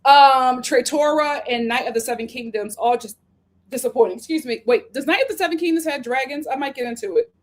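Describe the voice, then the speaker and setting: A high-pitched woman hosting a relaxed live stream, reading out viewer comments and reacting to them. She talks in an animated, chatty way and plays up her opinions with exaggeration for fun. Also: brisk. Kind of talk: casual live-stream chat.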